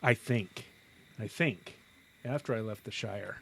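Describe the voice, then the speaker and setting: A man's voice: fairly low pitch, measured pace, gravelly, fairly bright tone, slight background noise. Playful man co-hosting a podcast. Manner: playful, teasing interjections. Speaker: podcast co-host. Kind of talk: casual chat.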